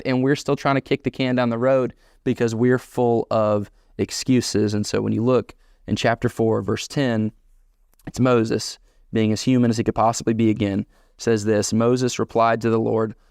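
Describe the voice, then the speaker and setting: A man preaching a sermon as pastor, animated and emphatic, voicing quoted dialogue in bursts. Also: mid-range voice, smooth, no room sound, studio quality.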